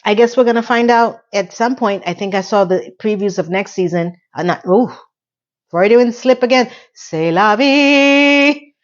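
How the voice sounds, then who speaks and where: Woman recapping a TV show, a little muffled. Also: darkish tone. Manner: chatty and emotional, with quick rises in pitch. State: tearful. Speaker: TV recap vlogger. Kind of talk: casual solo recap.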